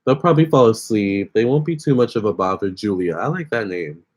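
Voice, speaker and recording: A man's voice: on the low side, lively intonation, a little fast, a little mellow. A young man hosting a casual phone livestream, chatting with viewers and reading their comments aloud. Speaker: livestream host.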